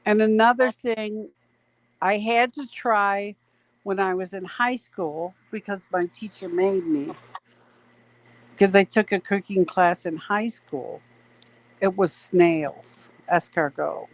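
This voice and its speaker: A Canadian woman co-hosts a casual late-night livestream, chatting in a drawn-out way and reading viewer comments aloud. Her voice is mid-range, and the recording is rough.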